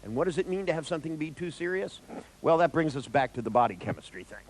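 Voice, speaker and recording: A therapist with a slightly high voice talks quickly during a live seminar, captured on a rough recording. Animated and joking, he addresses the audience directly and acts out dialogues with clients as he explains.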